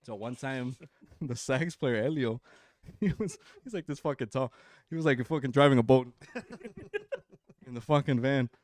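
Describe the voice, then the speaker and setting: A man's voice: mid-range voice, unhurried, pauses often, no room sound, clean studio sound. A man telling tour stories as a podcast guest, casual and full of swearing. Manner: profane, animated storyteller. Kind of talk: casual storytelling.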